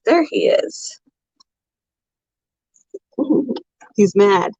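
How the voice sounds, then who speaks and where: A woman hosting a casual pet livestream at home. She talks softly, sometimes in a whisper, and coos at her animals in baby talk. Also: mid-range voice, expressive, drawn-out words, vocal fry, no room sound, lo-fi sound. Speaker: pet channel host.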